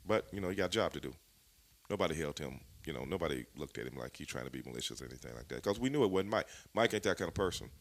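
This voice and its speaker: A man, a former wrestler, telling stories as an interview guest in an animated, profane way, laughing as he goes. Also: a bass voice, racing. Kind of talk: storytelling in a shoot interview.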